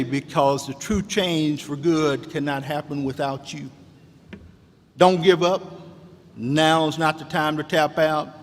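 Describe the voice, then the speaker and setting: A man delivers a stirring commencement address, rising and falling like a preacher. His voice sits a little high for a man. It rings out through a large hall with a long echo. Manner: rousing, preacher-like cadence with repeated calls. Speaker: commencement speaker. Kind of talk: inspirational commencement speech.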